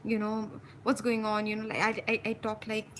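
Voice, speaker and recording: A woman hosting a spiritual live stream from home, talking passionately and intensely, speeding up when excited and laughing often. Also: mid-range voice, moderate pace, noisy background. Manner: frequent laughs and warm endearments. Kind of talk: live-stream talk to viewers.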